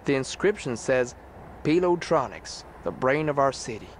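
A man's voice: medium pitch, sing-song, moderate pace, slight background noise, close to an everyday voice. A man voicing a stiff, formal, earnest male federal agent in a video game. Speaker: game character.

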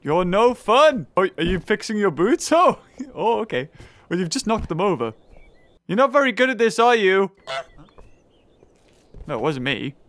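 Animated woman, playful game commentary. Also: mid-range voice, normal speed, long pauses. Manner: playful, teasing the game characters, frequent laughter and squeals. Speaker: gamer playing a video game. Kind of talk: casual let's-play commentary.

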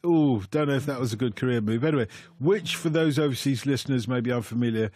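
Male phone-in host, playful and teasing, husky tone, dry studio. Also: medium pitch, fast talker, a little mellow, dry recording. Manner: jokey, teasing, chatty. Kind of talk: casual radio chat, reading listener emails. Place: radio studio. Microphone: studio microphone.

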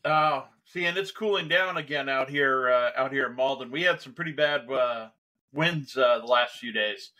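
A man's voice: mid-range voice, moderate pace, bright, forceful tone. A man hosting an interview show from his home studio, chatting casually and rambling with many fillers and restarts. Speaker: podcast host.

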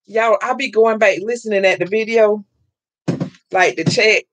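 A woman hosting a live crafting stream from home, loud and excitable, chatting with viewers and laughing often. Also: mid-range voice, moderate pace, no room sound. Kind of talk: casual live-stream chat, reading viewer comments.

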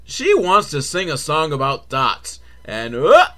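Comic male reviewer, mocking and profane, slightly high voice with big pitch swings. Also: a little slow, few pauses. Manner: sarcastic, swears, mocking kid-show cheer; swings between flat mutter and shrill excitement. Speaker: movie reviewer. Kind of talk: comedic movie recap.

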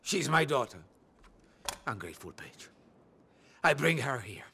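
An actor playing a volatile middle-aged mob boss father, menacing and swinging from mutters to shouts, in a video game cutscene. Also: medium pitch, big pitch swings, measured pace, gravelly, slight background noise, exaggerated voice.

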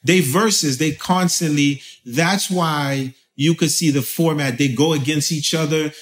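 A man from Haiti talking as an interview guest, telling stories in a loose, animated way with lots of fillers. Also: fairly high pitch, a little slow. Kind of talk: casual conversation.

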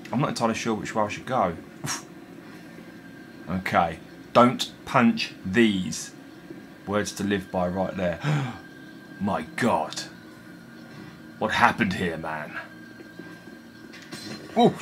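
A young man commenting on a horror game he is playing, jumpy and excitable, swearing and talking to himself. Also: lowish voice, a little hiss or hum. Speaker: gaming video host. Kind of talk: let's play commentary.

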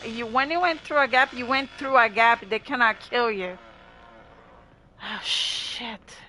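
A woman's voice: a little high, unhurried, sharp tone, slight background noise, low-quality recording. A woman streaming a horror game, reacting aloud, laughing and swearing to herself. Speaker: gamer streaming gameplay. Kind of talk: live gameplay commentary.

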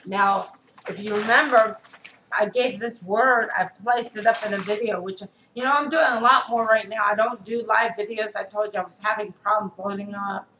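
A woman's voice: mid-range voice, moderate pace, pushed and bright. A woman preacher giving an earnest online video sermon, exhorting her listeners and often checking in with "okay?". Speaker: prophetess preacher. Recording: echoey room with faint background noise.

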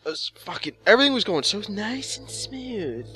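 A man's voice: high-pitched, sing-song, normal speed, few pauses, sharp tone, faint music behind. A man playing a video game and commenting casually, swearing often and snapping back at the game with exasperated outbursts. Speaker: let's play gamer.

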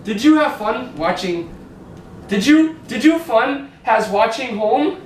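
A man chatting casually at home, joking in deliberately garbled word-salad sentences. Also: very high-pitched, expressive, far from the mic. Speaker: vlogger's partner. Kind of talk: silly casual banter. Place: home, indoors. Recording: roomy, off-mic with faint noise.

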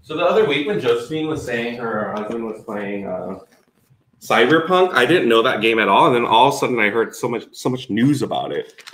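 A man co-hosting a live cooking stream from a home kitchen, chatting in a lively, exclamation-filled way. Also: medium pitch, a little hiss or hum. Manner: chatty and animated, quick exclamations. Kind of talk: casual live-stream chat while cooking.

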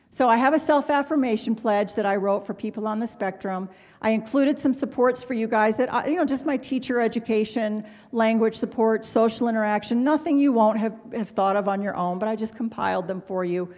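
A woman's voice: medium pitch, darkish tone. Candid middle-aged woman speaking in a ballroom. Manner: candid, earnest, quick asides. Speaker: symposium speaker. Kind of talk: motivational talk to an audience. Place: hotel ballroom. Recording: long reverb of a large ballroom.

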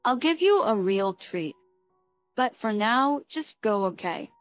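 A woman reading the lines of a frightened but quick-witted young woman camper in a storybook tale, with a pleading, anxious tone. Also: on the high side, sing-song, dry recording, soft background music. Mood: coaxing.

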